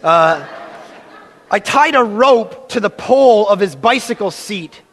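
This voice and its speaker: A man preaching a sermon, telling a personal story with animated delivery and acted-out quotes. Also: high-pitched, a little slow, in a large hall.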